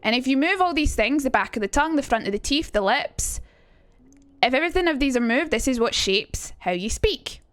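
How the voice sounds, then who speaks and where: High-voiced woman streaming. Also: expressive, brisk, a bit bright, no echo. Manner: chatty and self-mocking, swears freely. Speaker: streamer teaching accents. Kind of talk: casual livestream chat.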